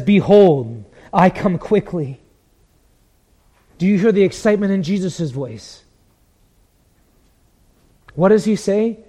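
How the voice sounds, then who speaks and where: A man preaching a sermon with impassioned, emphatic delivery, slowing down to read scripture aloud. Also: on the high side, dark tone. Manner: impassioned, rising to emphatic peaks, reads scripture slowly.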